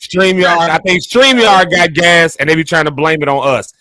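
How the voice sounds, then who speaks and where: A man's voice: a little high, normal speed, bright, forceful tone, dry recording. A man hosting a live morning show, chatting casually and joking with his co-hosts over a video call. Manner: playful, joking, colloquial. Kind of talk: casual chat.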